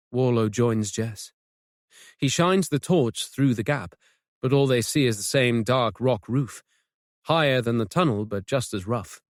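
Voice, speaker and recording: A man narrating a mystery audiobook in a measured, suspenseful way, on a close studio mic. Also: mid-range voice, animated, no echo. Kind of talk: scripted narration.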